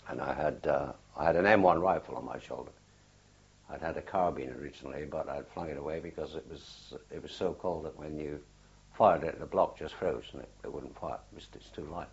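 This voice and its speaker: An older man with a very low, husky voice recalls his wartime days in an oral history interview. He tells it haltingly, circling back with fillers and restarts. The recording is dull and lo-fi, like an old archive tape. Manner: halting, unhurried storytelling with many fillers and restarts. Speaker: war veteran interviewee.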